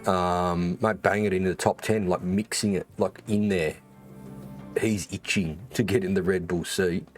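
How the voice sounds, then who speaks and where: A deep-voiced Australian man talks loosely on a livestream, full of swearing, fillers and restarts. Faint music plays underneath. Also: fairly even intonation, moderate pace. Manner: rambling, swears freely, many fillers and restarts. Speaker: streamer and former race engineer. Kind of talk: casual livestream chat.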